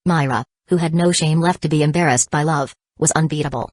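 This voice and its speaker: A woman narrating a fantasy audiobook in an even, measured reading. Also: low-pitched, dry recording. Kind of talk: scripted narration.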